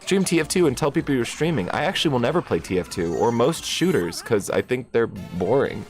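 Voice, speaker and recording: A young man casually commenting while streaming a game, jokey and excitable, breaking into shrieks and laughs. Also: mid-range voice, a little fast, faint music behind. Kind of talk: casual gaming livestream commentary.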